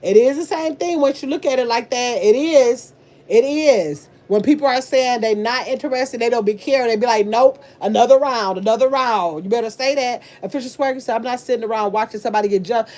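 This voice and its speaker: An older woman, hosting a casual livestream, reading viewer comments aloud and reacting with loud exclamations. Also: fairly high pitch, a little fast. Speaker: livestream host reading chat.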